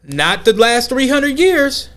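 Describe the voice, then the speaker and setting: A man hosting a podcast, talking in an emphatic, slangy, animated way during a casual debate. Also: very high-pitched, takes it slowly. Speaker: podcast host.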